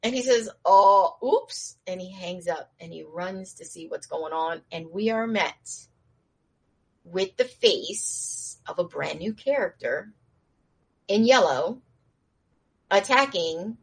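A woman casually recapping a show in slangy talk, acting out the characters' lines in a higher voice and laughing now and then. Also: lively intonation, unhurried, long pauses, husky. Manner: chatty with frequent laughs and asides.

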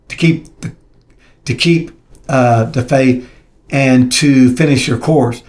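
A man's voice: fairly high pitch, darkish tone. A man preaching a sermon, reading scripture aloud and speaking plainly, often repeating himself and restarting. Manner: halting, repeats words and restarts; reads scripture aloud between plain comments.

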